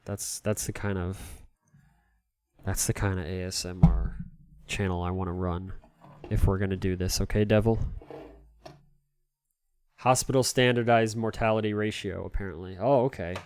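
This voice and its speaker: Low-voiced man rambling on a stream. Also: fairly even intonation, moderate pace, darkish tone, clean tone. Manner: rambling, self-deprecating, laughs often. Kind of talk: casual live-stream chat while cleaning a console.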